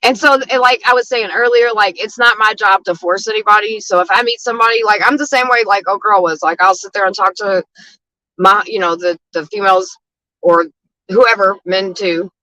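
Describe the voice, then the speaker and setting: A woman's voice: mid-range voice, steady tone, brisk, pushed and bright, dry recording, rough recording. A woman street outreach advocate telling stories in a casual chat, frank and blunt, with frequent swearing. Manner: frank and blunt, with frequent swearing and "you know what I mean".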